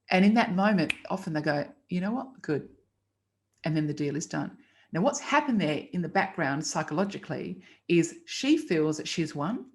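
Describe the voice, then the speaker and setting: Low, gravelly-voiced woman coaching casually. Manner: acts out client phone dialogue as examples; chatty, emphatic coaching. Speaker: copywriting teacher. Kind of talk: casual instructional talk.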